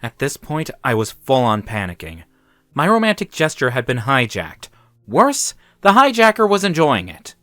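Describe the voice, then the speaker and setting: A man's voice: medium pitch, wildly swooping pitch, moderate pace, sharp tone, dry recording, studio quality, faint music behind. A man narrating a first-person story in a wry, dramatic way.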